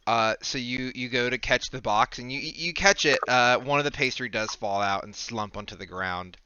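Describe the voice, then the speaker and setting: A man runs a tabletop game with a casual, halting delivery and plenty of fillers. His voice is bright and smooth. The recording is dry and somewhat dull. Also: mid-range voice. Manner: casual, hesitant, many fillers. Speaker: game master.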